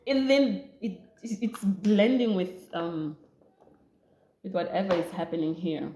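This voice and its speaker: Speaking slowly in a mid-range voice, a young woman from Namibia shares a story on her casual vlog. She animatedly plays out the quoted voices, with a roomy echo in the recording.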